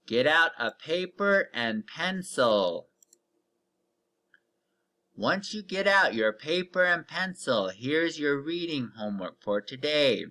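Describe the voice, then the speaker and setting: A man teaching young children to read in a recorded online lesson, stretching out each word slowly and giving patient step-by-step cues. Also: mid-range voice, sharp tone. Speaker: elementary reading teacher.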